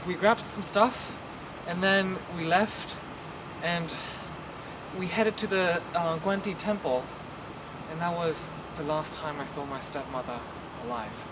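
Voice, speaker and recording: Man as shaken young man, halting telling, very noisy take. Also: a little high. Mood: solemn. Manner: halting, earnest storytelling with pauses. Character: young man, magistrate's son, earnest and shaken. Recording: loud background noise.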